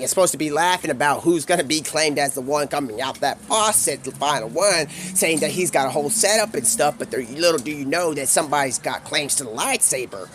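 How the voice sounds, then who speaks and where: A man's voice: a little high, a bit bright, slight background noise. A man streaming live, telling a rambling, improvised, stream-of-consciousness story full of slang.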